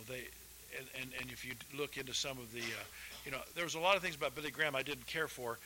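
A man preaching a sermon, rising loud for quotations and dropping low and quiet for folksy asides. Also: a little hiss or hum, low-quality recording. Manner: folksy, addresses listeners as folks. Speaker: pastor.

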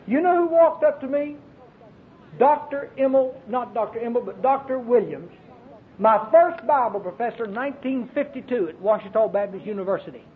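A Baptist preacher, preaching an emphatic, storytelling sermon with many repeated phrases. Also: male voice, lively intonation, moderate pace. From Arkansas, US. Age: 40s. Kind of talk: fervent sermon. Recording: tinny lo-fi recording with faint hiss and rumble.

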